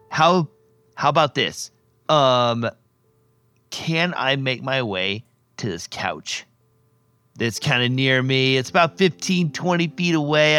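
A man's voice: medium pitch, sharp tone, clean tone, no room sound. A man playing a tabletop game, talking casually and hesitantly with many fillers. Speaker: player.

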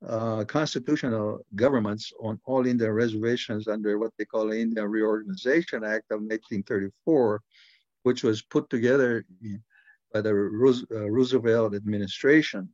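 A man's voice: lowish voice, fairly even intonation, normal speed, darkish tone, no room sound, lo-fi sound. An older American man speaking bluntly in a rambling interview, with many restarts and fillers. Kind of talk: casual talk.

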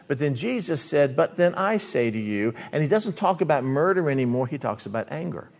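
A middle-aged man delivers a sermon in a casual, conversational way. His voice sits somewhat high and moves a lot in pitch, from hushed low asides to loud, raised lines. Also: very animated, brisk, vocal fry, hardly any pauses. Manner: conversational, acts out quoted voices, swings between loud and hushed. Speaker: pastor.

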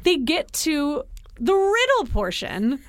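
A woman co-hosts a casual book podcast, judging a novel in loose, filler-heavy speech. Her voice sits a little high. The recording is dry and close to the mic. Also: very animated, slow, dry recording. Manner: chatty, critical, many fillers. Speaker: podcast co-host.

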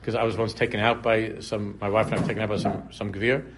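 A man's voice: fairly low pitch, level tone, quick pace, noisy background. A man teaching a casual religious class, talking conversationally, repeating phrases and drifting into humorous examples. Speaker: Torah teacher.

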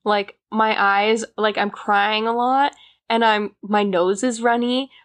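A woman's voice: mid-range voice, steady tone, takes it slowly. Giggly young woman telling stories. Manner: chatty storytelling, giggly, many "like" fillers. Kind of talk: casual chat.

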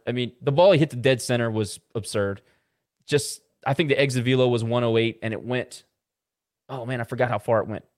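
A man's voice: medium pitch, smooth. Casual man reading off baseball stats. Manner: rattles off baseball stats with filler "uh"s. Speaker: podcast co-host. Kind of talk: casual sports podcast chat.

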